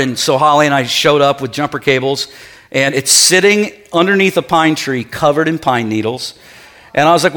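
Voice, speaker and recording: A middle-aged male pastor preaching a sermon in church, telling stories with acted-out quotes and then easing into quieter, earnest preaching. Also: fairly high pitch, normal speed.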